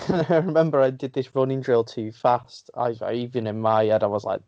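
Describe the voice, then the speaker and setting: Chatty Northern English man, mellow. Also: mid-range voice, steady tone, fairly quick, dry recording. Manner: chatty storyteller, laughs often. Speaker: guest wrestler. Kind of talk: casual interview chat. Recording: dull lo-fi sound.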